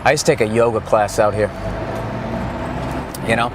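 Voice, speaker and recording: A man's voice: on the low side, moderate pace, noisy background. Crude, sarcastic man ranting on a street. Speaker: vlogger giving a street tour. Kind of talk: profane comic rambling. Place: outdoors on a town main street.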